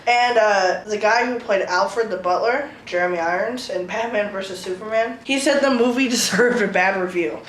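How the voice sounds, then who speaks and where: A woman's voice: mid-range voice, normal speed, few pauses. A woman co-hosting a podcast in casual chat, laughing through her stories. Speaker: podcast co-host. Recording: echoey room with faint hiss.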